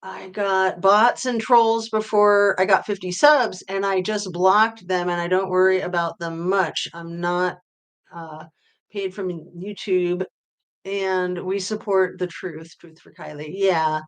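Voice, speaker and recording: A woman hosting a casual livestream, reading viewer comments aloud and answering them, her voice often trailing off quietly at the ends of phrases. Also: lowish voice, fairly even intonation, slow pace. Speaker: true-crime livestream host.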